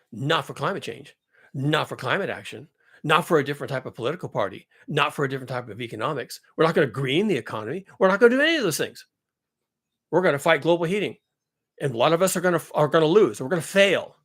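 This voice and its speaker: A man's voice: fairly high pitch, fairly bright tone, husky. A man in a ranting monologue, urgent and blunt, swearing and repeating lines for emphasis. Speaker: climate commentator.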